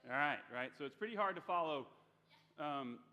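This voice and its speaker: Young man, nervous, chatty, halting, slightly high voice, long hall reverb. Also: lively intonation, bright, forceful tone. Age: young adult. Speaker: youth speaker. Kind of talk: youth sermon.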